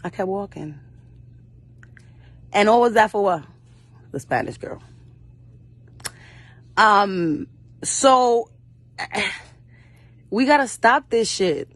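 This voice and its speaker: A woman's voice: medium pitch, lively intonation, slow, pauses often, fairly bright tone, dry recording. A young woman, an actress speaking as a guest in an interview, telling personal stories bluntly and fiercely, cursing often and acting out other people's voices. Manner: blunt and fiery, with frequent cursing; acts out quoted voices of her mother and others. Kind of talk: passionate storytelling in an interview.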